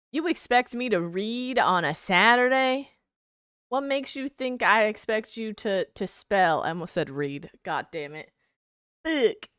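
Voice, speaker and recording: A woman's voice: medium pitch, a bit bright, clear, resonant tone, dry recording, clean studio sound. A young woman streamer chatting casually with her viewers while gaming, reading their messages aloud and swearing freely.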